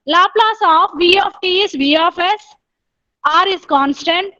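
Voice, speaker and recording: A woman's voice: extremely high pitch, measured pace, pushed and bright, dry recording. A woman giving an online engineering lecture, explaining step by step and repeating herself with frequent "okay"s. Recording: dull, dry lo-fi recording.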